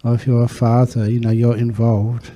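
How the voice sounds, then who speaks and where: Monk teacher, man, mellow voice, earnest storyteller, long hall reverb. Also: mid-range voice, monotone, moderate pace. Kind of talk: dharma talk answering questions. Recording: echoey hall.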